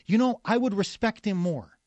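A man's voice: high voice, normal speed, a little mellow, dry recording. A man hosting a talk radio show, delivering a combative, sarcastic rant between callers. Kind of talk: opinionated talk radio monologue.

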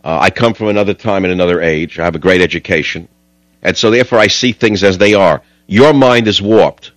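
A man's voice: deep voice, fairly quick, no room sound, low-quality recording. A man hosting a talk radio show, rambling and combative in a studio.

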